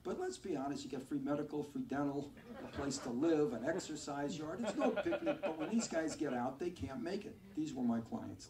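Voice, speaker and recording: A male stand-up comedian telling self-mocking, deadpan one-liners on a club stage. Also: a little high, fairly quick. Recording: echoey club, far from mic, crowd.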